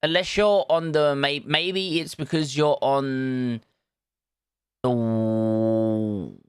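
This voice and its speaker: A man's voice: medium pitch, steady tone, extremely slow, clear, resonant tone, dry recording, studio quality, soft background music. A man, chatting casually on a live stream, thinking aloud and greeting viewers from chat. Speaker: livestreamer.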